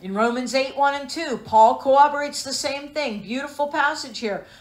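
Woman preacher, high voice, emphatic sermon delivery, echoey room. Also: normal speed. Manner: emphatic, calls for amens, rhetorical questions.

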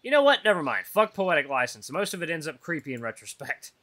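A man's voice: fairly high pitch, sing-song, quick pace, sharp tone, pitched above the performer's own voice. A man voicing a playful human traveler as he reads a visual novel aloud, with a wry, teasing delivery. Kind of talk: voiced visual novel reading.

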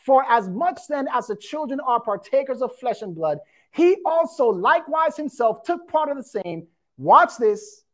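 A woman's voice: high voice, big pitch swings, normal speed. Emphatic woman preacher. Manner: emphatic, repeats "watch this". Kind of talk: sermon reading and explaining scripture.

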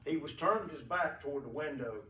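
His voice sits on the high side, animated and pushed, with a bright edge and a moderate pace. He's eulogizing someone in a church sanctuary, chuckling and rambling through folksy stories with plenty of fillers, recorded on a distant mic in an echoey space with a little hiss or hum.

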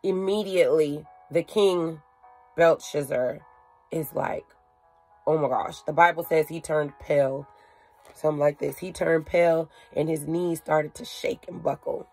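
A woman retelling a Bible story in a chatty, animated way, with slang and asides. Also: low voice, unhurried, faint music behind. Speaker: Bible teacher.

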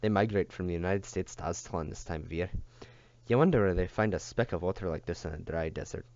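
A man voicing a gruff, weary male bodyguard who talks bluntly and scolds, in a dull lo-fi recording. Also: low-pitched, fast talker, a little mellow, a little hiss or hum.

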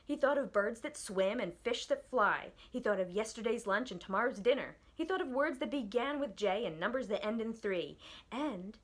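A woman librarian reading a children's book aloud with gentle, expressive storytelling and then asking the young listeners questions. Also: fairly high pitch, normal speed. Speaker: library book club reader.

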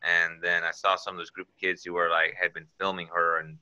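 A man with a very low, strikingly bright and forceful voice shares an earnest testimony, wandering between stories and scripture quotes. The sound is dry and dull, like a lo-fi recording. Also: little pitch movement, a little fast, clean tone, dry recording. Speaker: guest sharing testimony. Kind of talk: informal spoken testimony.

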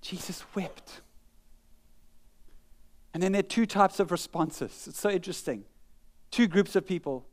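Earnest, higher-voiced male pastor preaching. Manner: reads scripture slowly with dramatic pauses; earnest and conversational between readings. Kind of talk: sermon. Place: church.

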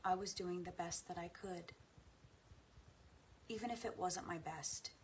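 A woman guiding a tapping meditation, speaking affirmations slowly and softly with deep sighs between them. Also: slight background noise. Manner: slow, soft and soothing, with frequent deep sighs. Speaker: guided tapping practice leader.

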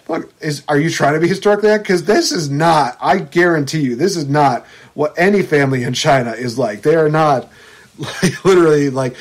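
A man's voice: a little high, a little fast, husky. A young man co-hosting a podcast, ranting in a casual chat about a movie, swearing freely and voicing its characters mockingly. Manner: animated, profane ranting with mocking quotes. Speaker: podcast co-host.

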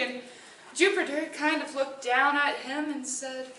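A woman telling a story to a live audience in an animated, playful way. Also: high voice, moderate pace, slight background noise. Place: indoor event hall. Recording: roomy hall from far off.

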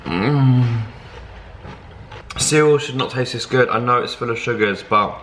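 A young man vlogs in an excited, chatty way, gushing over small things. His voice bounces around a roomy, echoey space. A faint ambient hum sits under it. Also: medium pitch, unhurried. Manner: bubbly, chatty, exaggerated reactions. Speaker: vlogger. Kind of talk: casual vlog chat.

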